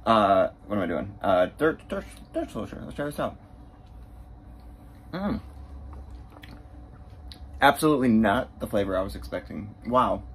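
A man on tour as a bassist, chatting straight to the camera in a casual travel vlog and poking fun at himself. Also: animated, a little slow, long pauses, slight background noise. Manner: chatty, self-mocking, talks straight to camera. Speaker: touring bassist.

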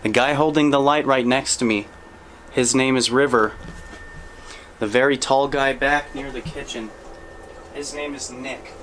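A man investigating the paranormal, calmly addressing an unseen presence and explaining his gear. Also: medium pitch, a little slow, long pauses, a little hiss or hum, rough recording. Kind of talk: ghost-hunting spirit call-outs.

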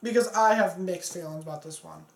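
A woman's voice: on the low side, fairly quick. A woman co-hosting a casual movie review, chatty and jumping in with jokey asides. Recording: echoey room, faint background noise.

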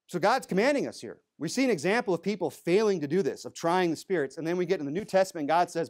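Guy preaching in church, kinda high voice, punchy, drops low on the big points. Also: lively intonation, fast talker, hardly any pauses, a little mellow. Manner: emphatic, rhetorical questions, dips low for stress. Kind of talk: sermon.

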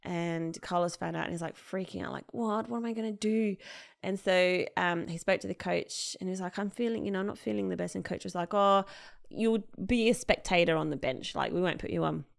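A woman's voice: lowish voice, steady tone, a little fast, creaky. A woman co-hosting a podcast, retelling a story in casual chat with lots of fillers and acted-out quotes. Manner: chatty, many fillers, acts out quoted people. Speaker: podcast co-host.

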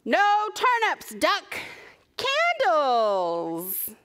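A woman's voice: medium pitch, sing-song, slow, fairly bright tone. Storybook mouse and pig, patient, firm, kindly correcting, voiced by a woman.

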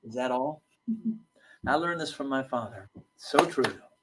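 A preacher delivering a sermon, emphatic and storytelling, swinging from loud bursts to hushed asides. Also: male voice, medium pitch, animated, measured pace, long pauses, breathy edge.

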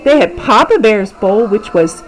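A woman's voice: medium pitch, sing-song, a little slow, low-quality recording. A woman teacher guiding young children through acting out a story, with encouraging, sing-song prompting in a classroom. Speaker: preschool teacher.

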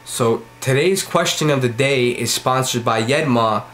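A man's voice: medium pitch, measured pace. A young adult man hosting a comedy vlog, ranting in a profane, rambling way and repeating his lines over and over. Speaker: vlog host. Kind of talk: comedy rant to camera.

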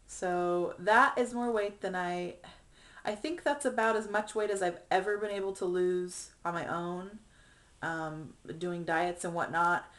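A woman's voice: on the low side, steady tone, measured pace, a bit bright. A young woman talking through a personal video diary in a chatty, earnest way with many ums, getting emotional. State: emotional, near tears. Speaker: vlogger.

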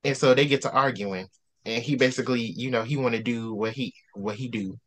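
A man talks through a book in casual chat, a mid-pitched voice at an easy middle. He gets animated and launches into rants with a preacherly edge. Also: a little fast. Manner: animated, ranting, preacherly outbursts. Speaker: book discussion host.

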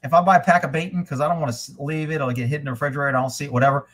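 Husky-voiced man rambling on a live stream. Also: a little high, very fast. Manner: rambling, swears freely, animated when retelling stories. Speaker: livestream host. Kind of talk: casual livestream chat.

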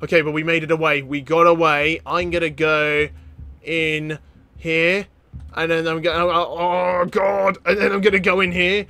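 A man giving excitable gameplay commentary as a channel host, laughing often and breaking into loud exclamations. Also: a little high, normal speed, clean tone.

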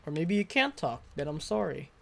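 A man's voice: fairly high pitch, very animated, moderate pace, gravelly, a little hiss or hum. A man giving live commentary while playing a video game, swearing and venting frustration at enemies into a close desk mic. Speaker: gaming streamer.

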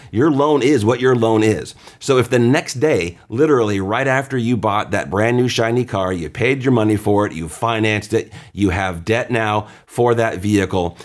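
A man hosting an insurance advice show, explaining coverage in a chatty, plainspoken way, acting out quick customer quotes and often restarting his sentences. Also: lowish voice. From California. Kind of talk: casual explanatory radio talk.

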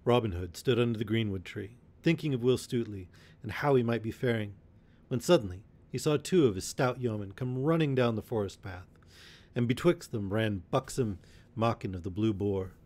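A man reading a classic adventure tale aloud as a bedtime story, in a measured, expressive way. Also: on the low side.

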